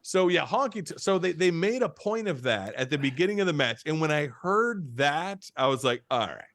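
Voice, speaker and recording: A man's voice: on the high side, lively intonation, moderate pace, fairly bright tone, dry recording, clean studio sound. A man co-hosting a casual podcast, reacting with laughs and enthusiasm. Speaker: podcast co-host. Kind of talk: casual chat.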